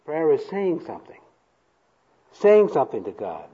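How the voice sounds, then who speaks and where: A male pastor delivers a sermon in a slow, deliberate way, leaning on key words. His voice swings widely in pitch and sits a little high. The recording is dull and lo-fi, made in a church before the congregation. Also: very animated, warm tone, slightly rough. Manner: slow, emphatic, has congregation repeat lines aloud.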